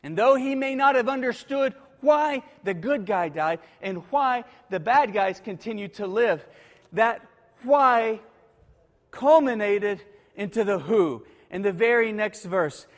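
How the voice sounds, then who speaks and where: A man preaching a sermon, moving between hushed, quiet passages and emphatic, rising declarations. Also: high voice, expressive, unhurried. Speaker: pastor. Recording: long reverb of a large hall.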